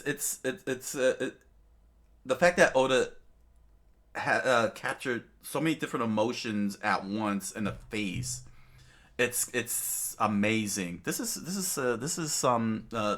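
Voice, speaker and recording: This channel host, a middle-aged man, reads manga aloud and comments on it in a loose, wandering way. His medium-pitched voice is expressive and a bit bright, moving at a measured pace, and he keeps restarting, using fillers, and tossing "you know what I'm saying" to the listener.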